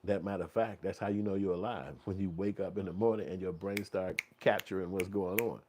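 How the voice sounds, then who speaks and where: A man's voice: fairly even intonation, a little fast. A man hosting a commentary channel, talking casually in a vivid, profane, second-person storytelling style. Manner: acts out quoted voices, sometimes yelling high. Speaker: channel host commenting on news.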